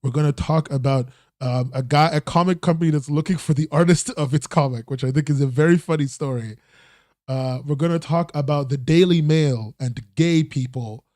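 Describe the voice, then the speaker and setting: A man's voice: fairly high pitch, moderate pace, a little mellow, dry recording, clean studio sound. A man hosting a casual livestreamed news roundup podcast, rambling and restarting, swearing casually. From not American. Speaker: podcast host.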